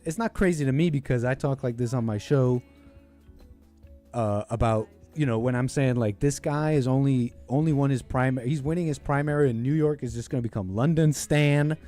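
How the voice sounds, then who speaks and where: A man's voice: mid-range voice, a little fast, warm tone, faint music behind. Rambling male stream host. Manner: rambling, hesitant, self-interrupting. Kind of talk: casual political livestream talk.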